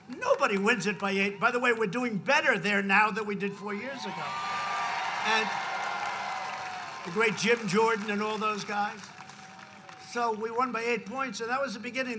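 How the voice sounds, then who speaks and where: A politician giving a campaign rally speech, rambling and repetitive and often rising to shouts. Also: male voice, high-pitched, slight background noise. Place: large outdoor rally.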